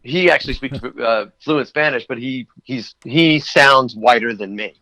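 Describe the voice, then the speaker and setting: A man's voice: mid-range voice, a little slow, pushed and bright, no echo, poor audio. A man who works as a voice actor, chatting as a guest in a casual interview and telling rambling anecdotes.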